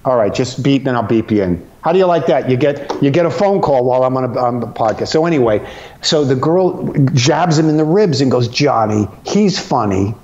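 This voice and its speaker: Male comic guest telling stories at home, lively with put-on voices; dull remote-call sound. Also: medium pitch, a little fast, a little hiss or hum. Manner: lively, acts out voices in anecdotes. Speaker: comedian guest. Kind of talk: animated storytelling.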